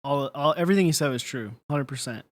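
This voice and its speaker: A man's voice: medium pitch, quick pace, no echo. Chatty joking man, dry sound. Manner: joking, laughs easily, chatty. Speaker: co-host of a keyboard livestream show. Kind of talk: casual chat.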